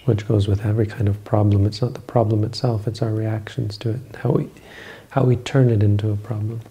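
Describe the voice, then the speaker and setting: A man teaching meditation, answering questions in a calm, measured, explanatory way. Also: fairly low pitch, a little hiss or hum.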